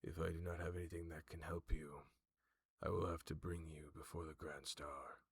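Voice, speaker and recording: A man's voice: rumbling low, flat delivery, normal speed, husky, no room sound, clean studio sound, pitched below the performer's own voice, full character voice. A man voicing a terse, solemn male herald who speaks curtly and formally. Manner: curt and formal.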